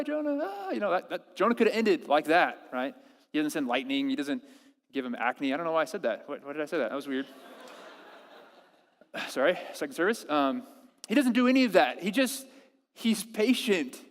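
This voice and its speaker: A man preaching a sermon as pastor, animated and acting out quoted prayers with halting restarts. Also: on the high side, big-room sound. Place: church service.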